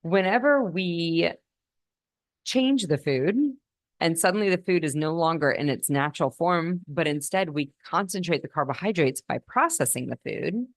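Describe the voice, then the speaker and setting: A woman physician hosting a podcast, explaining nutrition in a measured, teaching manner with some restarts. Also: lowish voice, animated, no echo, studio quality. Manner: explanatory, with frequent restarts and slow emphasis. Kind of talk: educational talk on nutrition.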